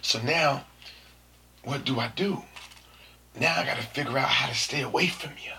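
A young man telling a story to camera in a casual, slangy way, dropping to hushed asides and rising to shouts. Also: medium pitch, normal speed, heavy background noise. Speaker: vlogger.

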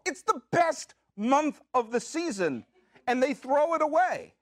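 High-voiced, animated man joking around. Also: unhurried, no echo, studio quality. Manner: animated, jokey, with playful rants and self-asked questions. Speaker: podcast host. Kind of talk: comedic monologue. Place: studio.

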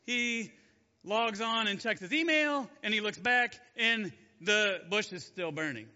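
Guy teaching a bible story, chatty and jokey, high bright voice, echoey dull recording. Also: expressive, unhurried. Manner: chatty, jokey, asks the audience questions. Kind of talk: casual Bible story lesson.

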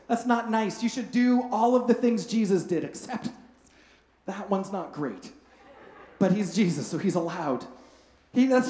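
A man's voice: very high-pitched, reverberant. A man preaching a family sermon, telling humorous stories in a casual, chatty way and checking in with "right?". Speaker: pastor.

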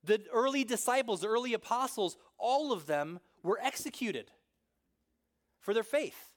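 A man preaching a sermon in a conversational way, peppering his points with "right?" and swinging between loud emphasis and hushed intensity. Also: very high-pitched, animated, a little slow. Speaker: pastor.

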